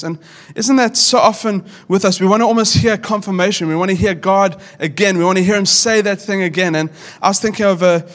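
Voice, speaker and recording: A man's voice: sits high, fairly quick, a bit bright. A man in his thirties, a pastor preaching a sermon in an earnest, conversational way, often restarting his sentences.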